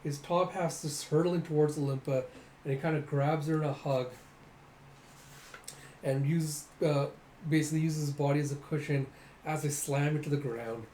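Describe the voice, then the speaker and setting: A man's voice: fairly high pitch, fairly even intonation, moderate pace, a little mellow. A man hosting a casual comic readthrough who narrates the action animatedly and voices the sound effects. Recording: echoey room, faint noise.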